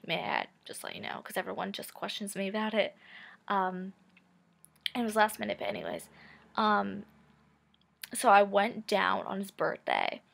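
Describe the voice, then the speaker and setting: A woman's voice: mid-range voice, expressive, moderate pace, creaky, pauses often, a bit bright. A woman in her twenties telling a personal story to camera in a casual, chatty way, full of "like" and "um" and frank swearing. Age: 20s. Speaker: vlogger.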